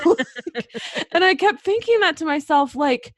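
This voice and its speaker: A woman's voice: sits high, expressive, takes it slowly, no echo. A young woman co-hosting a podcast, telling profane stories with lots of laughter in casual chat. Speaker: podcast co-host.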